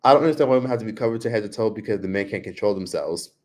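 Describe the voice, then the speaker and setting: A man's voice: lively intonation, very fast. A man chatting casually on a livestream into his laptop microphone, saying "like" often. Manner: chatty, frequent "like", mimics others in high voices. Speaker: livestream vlogger.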